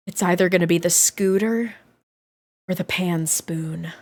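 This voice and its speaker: A woman streaming live from home, chatting casually with her viewers and breaking into loud, excited squeals. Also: fairly low pitch, slow pace, pauses often. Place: home room.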